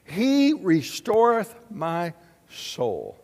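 A male preacher with a high, lively voice delivers a sermon at an unhurried pace. He pulls answers from the crowd and swings between booming declarations and quiet asides. The sound carries the long reverb of a large auditorium. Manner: animated, questioning the audience, big swings in loudness. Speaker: pastor.

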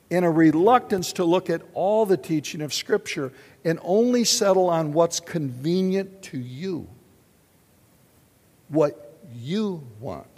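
Male pastor, slightly high voice, lively questioning sermon delivery, reverberant hall. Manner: animated, asks the congregation questions.

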